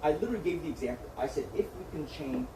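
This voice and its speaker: A man's voice: on the high side, very animated, fast, gravelly. Man, heated argument, berating and profane, far from the mic, roomy echo. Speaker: streamer's manager. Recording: echoey room from far off, faint noise.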